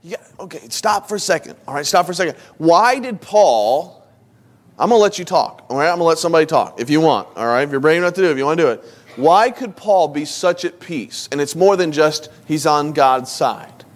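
A man's voice: a little high, animated, fairly quick. A man teaching a Bible lesson in a loose, conversational preaching style, stopping to put questions to his listeners. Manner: informal, asks the audience questions.

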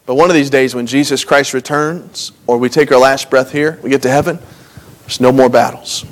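A young adult man preaching a sermon as pastor, in an earnest, conversational way with frequent restarts and lively emphasis. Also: medium pitch, normal speed.

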